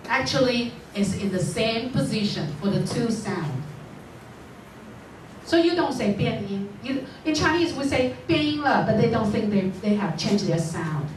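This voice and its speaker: A woman's voice: a little high, lively intonation, slight background noise. Woman teaching in an echoey classroom. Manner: explains slowly, checks understanding with repeated questions. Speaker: English teacher. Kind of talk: classroom lesson. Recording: echoey room, voice from far off.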